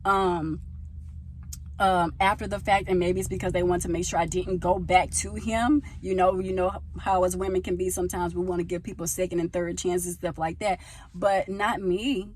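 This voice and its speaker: A young woman from the United States talking casually into a handheld phone, telling a personal story and getting louder as she gets passionate. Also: lowish voice, no echo. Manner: animated, gets loud when passionate. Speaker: vlogger. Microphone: phone held in hand.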